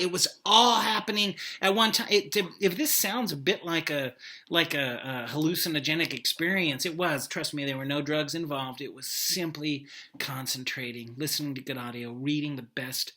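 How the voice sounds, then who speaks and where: A man teaching by video from his living room, telling a rambling, animated story with lots of emphasis. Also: a little high, moderate pace. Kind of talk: casual storytelling lecture to camera.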